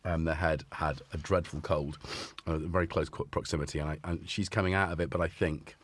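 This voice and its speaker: A man's voice: extremely low pitch, fairly even intonation, fairly quick. A man hosting a live synth stream in casual chat, rambling and self-deprecating, tired and a little sore-throated. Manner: rambling, self-deprecating, playful asides to his cats.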